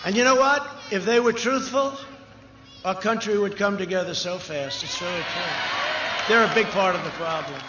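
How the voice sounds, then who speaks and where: A man speaks at a moderate pace in a high voice during an outdoor campaign rally, repeating himself in boastful, meandering riffs. Crowd cheering and noise accompany the dull, echoey PA sound.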